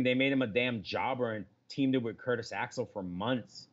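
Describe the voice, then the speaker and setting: A man's voice: mid-range voice, normal speed. A man co-hosting a casual podcast, argumentative and sarcastic, pushing back hard on his partner. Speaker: podcast co-host. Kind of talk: casual chat about wrestling. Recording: lo-fi with faint background noise.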